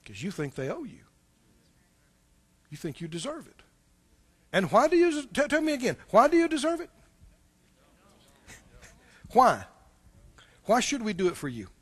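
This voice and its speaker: A middle-aged male pastor preaching with a high, very lively voice. He swings from loud bursts to quiet asides and chuckles between his points. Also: a little slow, pauses often, slightly rough. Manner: animated preaching with sudden loud outbursts and soft asides. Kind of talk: sermon.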